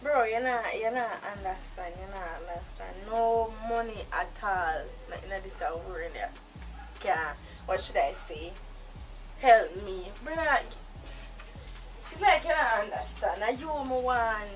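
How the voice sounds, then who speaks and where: An actress with a Jamaican accent playing an unstable woman who holds a man captive, swinging between hushed threats and shouting. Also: medium pitch, unhurried, over music, natural voice, low-quality recording. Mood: brooding. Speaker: actor. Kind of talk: acted film drama.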